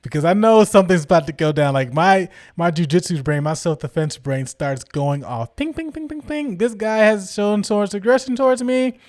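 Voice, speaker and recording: Male vlogger, a touch high-voiced, dry close mic, excitable slangy storyteller who acts out each character he quotes. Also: moderate pace, few pauses, no echo. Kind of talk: casual storytelling.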